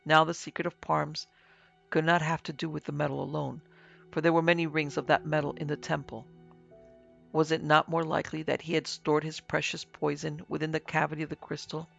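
A man narrating a classic story as an audiobook in a solemn, measured way, in a dry, dull lo-fi recording. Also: on the high side, creaky, a bit bright. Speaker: narrator and producer.

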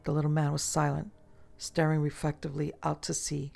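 Gravelly male audiobook narrator. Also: a little high, completely flat delivery, a little mellow, soft background music. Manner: measured, literary. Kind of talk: scripted narration.

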